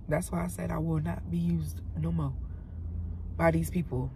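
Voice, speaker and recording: Woman vlogging from her car, emotional and earnest, a little low-pitched, faint hiss behind. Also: fairly even intonation, normal speed. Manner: heartfelt, swings from loud exclaiming to soft near-whispers. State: tearful. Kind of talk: emotional faith vlog, talking to camera. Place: parked car.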